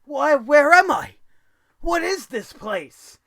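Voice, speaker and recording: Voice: high-pitched, big pitch swings, takes it slowly, pushed and bright, dry recording, clean studio sound, exaggerated voice. A vlogger putting on a confused male wrestler who whines that he does not know where he is. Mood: bewildered. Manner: bewildered, whiny. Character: dazed confused male wrestler, lost and goofy.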